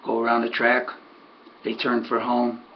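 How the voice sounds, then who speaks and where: A man, a harness horse trainer, casually telling a story in an animated, emphatic way, repeating words for effect. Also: medium pitch, a little slow, a little hiss or hum. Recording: dull lo-fi recording.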